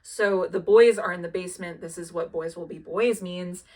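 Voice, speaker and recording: A woman's voice: lowish voice, steady tone, moderate pace, a little mellow. A young woman recapping a show in a rambling, casual way, full of fillers and swearing. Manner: rambling, filler-heavy, swears freely, laughs at her own asides.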